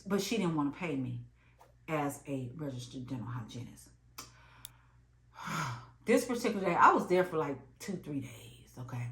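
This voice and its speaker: A woman in her late thirties telling an emphatic, animated story about her job in a vlog. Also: low voice, normal speed, long pauses. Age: late 30s. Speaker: vlogger. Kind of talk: storytime monologue. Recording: echoey room.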